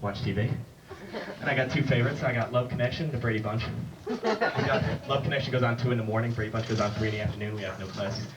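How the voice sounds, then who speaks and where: A man's voice: medium pitch, expressive, quick pace, muffled recording. A young man doing a casual, wisecracking stand-up routine. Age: young adult. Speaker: stand-up comedian. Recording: distant mic, noisy room.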